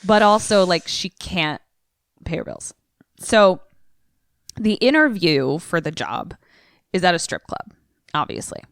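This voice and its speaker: A woman's voice: lowish voice, big pitch swings, unhurried, gravelly, pauses often, dry recording, studio quality. A young adult woman co-hosting a podcast, casually recapping a film in a loose, irreverent way full of "like". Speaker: podcast co-host. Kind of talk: casual movie recap chat.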